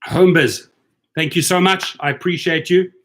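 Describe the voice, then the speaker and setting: A man's voice: a little high, fairly even intonation, normal speed, a bit bright. Man, livestream host, casual chat, loose, repetitive, tired-sounding, talks to viewers. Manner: chatty, loose, repeats himself, talks straight to viewers. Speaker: livestream host for rideshare drivers.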